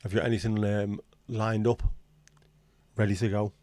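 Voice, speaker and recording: A man's voice: on the low side, little pitch movement, moderate pace, a little mellow, no room sound. A middle-aged man chatting casually on his livestream, joking and answering viewers' messages. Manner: easygoing, jokey, responds to chat messages. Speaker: livestream host.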